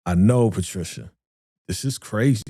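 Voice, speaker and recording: Dude hosting a reaction stream, aave slang, mellow voice, dry close sound. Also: male voice, lowish voice, moderate pace, slightly rough, no echo. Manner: animated, slangy, reads viewer comments aloud. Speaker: reaction show host. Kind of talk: live-stream fan reaction chat.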